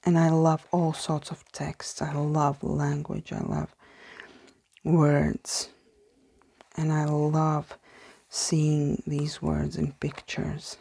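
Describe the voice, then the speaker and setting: A woman speaking English as a second language, chatting softly through a casual book haul vlog and slipping into hushed whispers of delight. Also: deep voice, completely flat delivery, extremely slow, gravelly, breathy edge. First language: not English. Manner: soft-spoken, often drops to a hushed whisper in awe; hesitant, with fillers and restarts. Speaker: vlogger.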